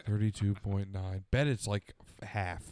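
A man co-hosting a podcast, joking crudely with friends, swearing often and breaking into loud laughs. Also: fairly low pitch, steady tone, normal speed, no room sound. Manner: profane, loud bursts of laughter. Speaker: podcast co-host. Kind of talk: crude casual banter.

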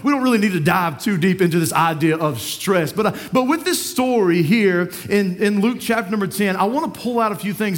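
A man preaching a sermon in church, talking conversationally, often repeating words and checking in with "right?". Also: high-pitched.

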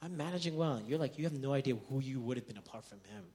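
A man preaching a sermon as pastor, telling stories in an animated way and acting out the dialogue, swinging between loud bursts and quiet stretches. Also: mid-range voice, rapid-fire. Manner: animated storytelling, acting out quoted dialogue with big swings in loudness.

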